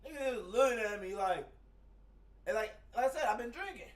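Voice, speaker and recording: A man's voice: extremely high pitch, fairly quick. Profane man telling a story off-mic. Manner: profane, animated storytelling, acts out heated quotes. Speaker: storyteller in casual chat. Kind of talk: casual chat. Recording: distant mic, faint background noise.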